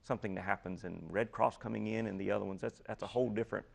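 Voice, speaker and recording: Man, low voice, gravelly, earnest steady explainer, repeats key phrases, interview guest. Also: very fast. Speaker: guest, ministry program leader. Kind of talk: explaining in a talk show interview.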